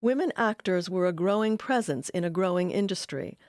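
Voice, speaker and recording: A woman's voice: on the low side, lively intonation, brisk, darkish tone, dry recording, studio quality. Woman narrating a documentary.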